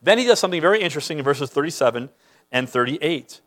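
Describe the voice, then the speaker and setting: A man preaching a sermon as pastor, emphatic, repeating words as he starts sentences and swinging between loud and quiet. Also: fairly high pitch, expressive, fast talker.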